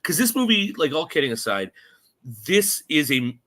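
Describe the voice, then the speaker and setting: On a casual movie review podcast, a male co-host with a voice on the high side talks in an animated way at a moderate pace. He swears and acts out quotes in funny voices.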